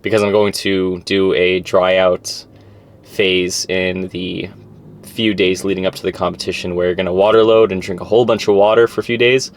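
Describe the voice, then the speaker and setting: A man talking casually to the camera as a fitness vlogger, explaining in a relaxed way with lots of fillers, outdoors at a farm orchard. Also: deep voice. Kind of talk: casual vlog talk to camera.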